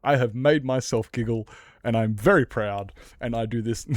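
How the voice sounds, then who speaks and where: A man's voice: medium pitch, slow pace, a little mellow, no echo, studio quality. A man streaming a game, chatting casually in a rambling, jokey way and laughing often. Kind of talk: casual gaming stream chat.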